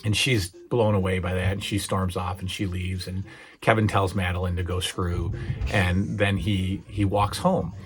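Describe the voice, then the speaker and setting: With soft music playing, a middle-aged channel host talks casually and haltingly about TV moments that stuck with him, with many fillers and restarts, a hint of emotion, and getting worked up as he retells scenes. His voice is low, with little pitch movement, and a little slow.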